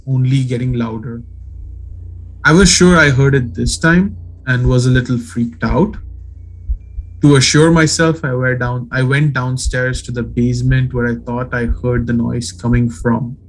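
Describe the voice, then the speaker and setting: A man co-hosting a casual podcast who reads a horror story aloud in a slow, hushed creepy voice. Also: medium pitch, poor audio. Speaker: podcast co-host.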